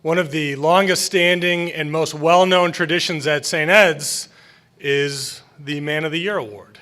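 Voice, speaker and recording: Man, school administrator as emcee; bright, forceful tone, a bit high; earnest, with "uh" pauses. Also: fairly even intonation. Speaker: school administrator hosting an awards night. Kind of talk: ceremony speech, partly unscripted.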